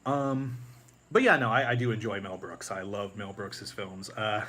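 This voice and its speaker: A man's voice: lowish voice, a little slow, bright, forceful tone. A man chatting casually on a live stream, rambling with many fillers and restarts. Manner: rambling, many fillers, breaks into movie-quote impressions. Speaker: YouTube creator on a live stream.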